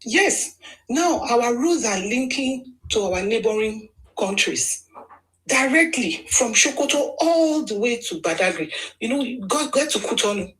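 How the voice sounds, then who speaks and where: A woman's voice: on the high side, lively intonation, measured pace, poor audio. A woman with a Nigerian accent giving opinionated political commentary, emphatic and argumentative, often repeating phrases for stress.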